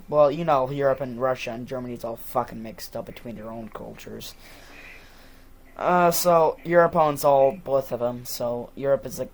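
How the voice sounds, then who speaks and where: A man with a stuffy nose talking in a casual, rambling monologue, profane and full of fillers. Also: mid-range voice. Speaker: vlogger.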